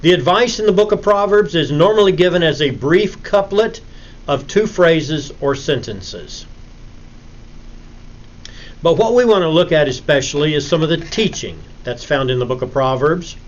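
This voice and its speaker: A man giving a recorded Bible lecture in a preacherly way, acting out little stories with sudden loud emphasis. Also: a little high, lively intonation, moderate pace, lo-fi sound.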